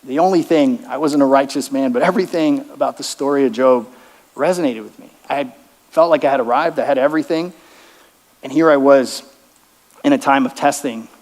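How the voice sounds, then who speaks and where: A man's voice: mid-range voice, fairly quick, darkish tone. A man sharing an earnest personal testimony to a church audience, acting out the dialogue of his story. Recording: long hall reverb.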